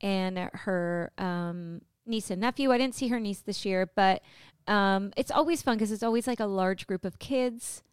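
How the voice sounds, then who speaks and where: A woman's voice: medium pitch, a little slow, clear, resonant tone, dry recording, clean studio sound. A woman co-hosting a podcast in casual chat, chatty and laughing along with her partner. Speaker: podcast co-host.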